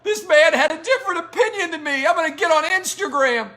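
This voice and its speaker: Sarcastic impression: a man doing a whiny, blubbering grown man, pitched up very high and bright. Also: fairly quick. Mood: mock crying. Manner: mock-sobbing, whiny, theatrical. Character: adult man weeping over a differing opinion.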